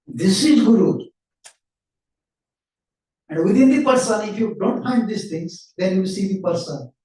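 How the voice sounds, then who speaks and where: A man's voice: high voice, lively intonation, normal speed, darkish tone. A man giving an earnest devotional lecture, who repeats key phrases and asks and answers his own questions. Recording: roomy hall sound from a distant mic.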